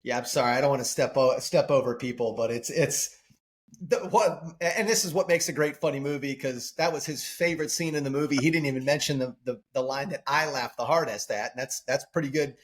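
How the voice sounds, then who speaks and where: A man's voice: mid-range voice, brisk. A man co-hosting a podcast, casually retelling comedy scenes and laughing through the quoted lines. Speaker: podcast co-host. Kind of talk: casual movie chat.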